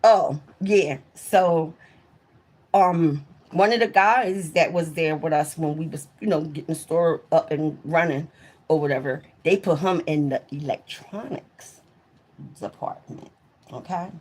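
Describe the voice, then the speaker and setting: A low-pitched woman speaking a little slowly tells her live viewers stories from jobs she used to have. She's a livestreamer who keeps it casual and profane, often addressing the audience directly and getting loud and excited at the climax.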